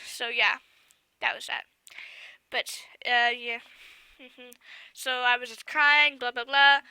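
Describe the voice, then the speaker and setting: A woman telling a story to camera in a rambling, excitable way, full of fillers and side remarks. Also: fairly high pitch, slow, clean tone, no room sound. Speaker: vlogger.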